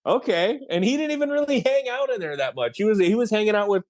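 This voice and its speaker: A man's voice: high-pitched, fast. A man from Canada, a guest actor and filmmaker, telling stories in a casual podcast interview, acting out quoted lines and laughing often. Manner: animated storyteller who acts out quoted lines and laughs often.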